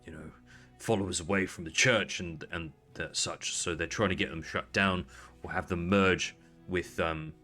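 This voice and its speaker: Un homme jouant un forgeron firbolg posé et grave. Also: male voice, low-pitched, fairly even intonation, faint music behind. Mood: stern calm. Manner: measured, quiet, politely firm. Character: staid, traditional male Firbolg smith.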